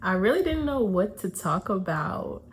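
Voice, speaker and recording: A young woman from Atlanta telling a casual storytime to her channel, chatty and quick to break into nervous laughter. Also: medium pitch, very animated. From Atlanta, USA. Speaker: YouTuber.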